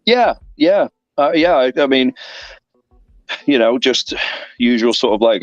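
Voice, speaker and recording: On an online interview stream, a thirty-something English wrestler shares rambling backstage stories laden with fillers and spirited voiced asides. He talks at normal speed in a mid-range voice, pausing often, on a dry, lo-fi recording.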